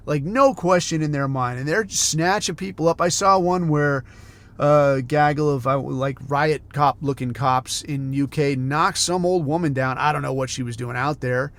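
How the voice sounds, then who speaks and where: A man's voice: on the high side, moderate pace, gravelly, fairly bright tone. A man from the United States, hosting a podcast and ranting in a heated, profane, sarcastic way. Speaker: podcast host.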